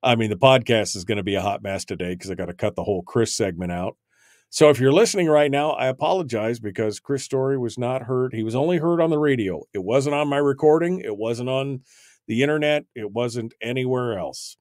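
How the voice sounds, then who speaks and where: A man's voice: medium pitch, brisk, a little mellow, no room sound. A male talk radio host speaking live on air, rambling and flustered as he fixes failing studio gear, with many restarts.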